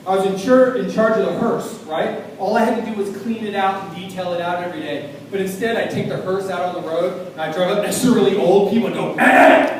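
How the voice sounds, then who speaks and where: A man from small-town Maine doing a loud, self-deprecating stand-up set on a club stage, yelling his punchlines. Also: high-pitched, fast talker, hardly any pauses, background noise. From small town in Maine, USA. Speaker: stand-up comedian. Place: comedy club stage in a large room. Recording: echoey club room from far off, audience crowd.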